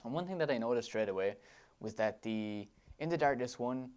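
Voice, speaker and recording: An Irish man commenting on a video game as it plays, full of eager praise. His voice is smooth and resonant, pitched right in the middle for a man. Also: lively intonation, fairly quick, a little mellow. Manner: enthusiastic, gushing with praise. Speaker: let's play commentator. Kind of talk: gameplay commentary over footage.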